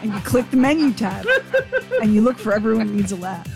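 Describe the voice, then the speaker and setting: A woman's voice: medium pitch, fairly quick, gravelly. A woman co-hosting a radio show, chatty and teasing in casual talk. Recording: radio show with music underneath.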